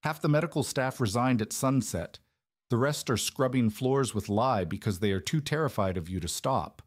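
A man voicing a tired, ruthless emperor who speaks quietly and with exhaustion in a storybook reading. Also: mid-range voice, expressive, normal speed, no echo, clean studio sound, pitched above the performer's own voice, natural voice. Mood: weary. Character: weary, ruthless male emperor.

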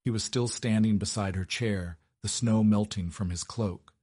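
A man narrating a period romance story in a measured, dramatic way. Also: lowish voice, steady tone, warm tone, no room sound, studio quality. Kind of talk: scripted narration.

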